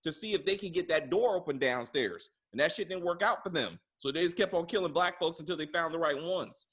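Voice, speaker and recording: A man's voice: a little high, brisk, a bit bright, husky. A man hosting a casual TV recap podcast, rambling loosely with profanity and asides. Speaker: podcast host.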